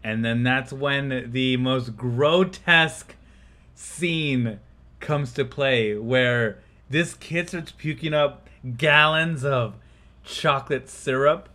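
A podcast co-host with a medium-pitched, bright voice speaks slowly and forcefully. He casually recaps a film scene by scene, laughing often as he goes.

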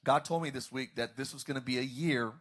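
A man preaching a sermon as pastor, calling out to the congregation and rising to shouts. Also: medium pitch, brisk. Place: church service, streamed online.

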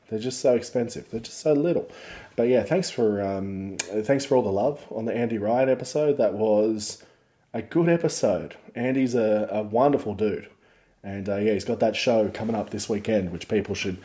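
A man hosting a podcast, rambling and joking in a casual monologue that turns loud and excited as he retells a story. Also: medium pitch. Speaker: podcast host.

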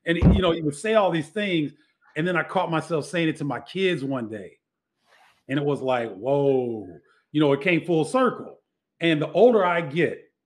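A middle-aged man, a former basketball player, telling stories in a casual interview with many restarts. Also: a little high.

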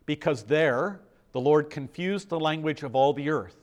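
A man's voice: on the high side, normal speed. An older American man preaching a sermon in a conversational way, asking the congregation questions. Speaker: pastor.

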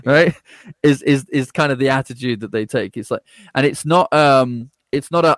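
A man talking as a podcast guest in a casual conversation. He is energetic, laughs often and acts out other people's replies. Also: mid-range voice, normal speed, no room sound, studio quality.

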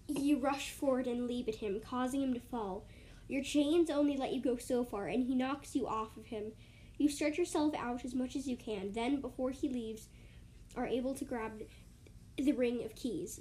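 A woman's voice: fairly high pitch, moderate pace, dark tone, slight background noise. A woman casually reading aloud a second-person fan story, now and then restarting or correcting her lines.

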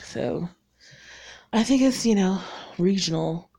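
Speaking slowly in a mellow, creaky, expressive voice of medium pitch, this roughly forty-year-old vlogger talks casually to her audience. She's from North Carolina and grew up in Virginia. Chatty and candid, she wanders from point to point, laughs often, and pokes fun at herself.

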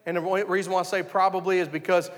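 A man's voice: high voice, flat delivery, quick pace, long reverb tail. A man preaching a conversational sermon, telling his story earnestly and often restarting his sentences. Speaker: pastor.

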